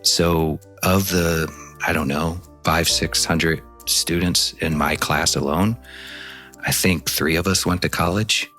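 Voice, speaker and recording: Very deep-voiced candid Midwestern man. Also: takes it slowly, soft background music. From American Midwest. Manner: candid, animated retelling with quoted dialogue. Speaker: former intelligence officer guest. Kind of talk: interview storytelling.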